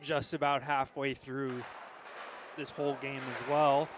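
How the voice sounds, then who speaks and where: A man giving hockey color commentary, talking through the plays in a relaxed way. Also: mid-range voice, measured pace, noisy background.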